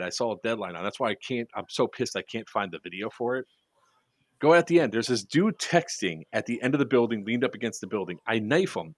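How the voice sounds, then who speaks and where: A man telling a long story in casual podcast chat, acting out the quotes with lively voices and freely swearing. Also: medium pitch, dry recording. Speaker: airsoft podcast speaker.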